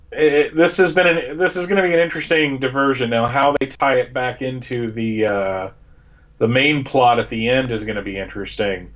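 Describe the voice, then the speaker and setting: A man's voice: medium pitch, fairly bright tone. Eager man on a dull call line. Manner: eager, quick restarts and repeated words. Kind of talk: casual fan chat on a live show.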